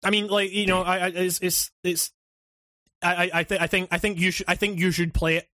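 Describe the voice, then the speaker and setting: A man's voice: sits high, flat delivery, a little fast, pushed and bright, dry recording, studio quality. Rambling man on a gaming podcast. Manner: rambling, hesitant, swears freely. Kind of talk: casual gaming chat.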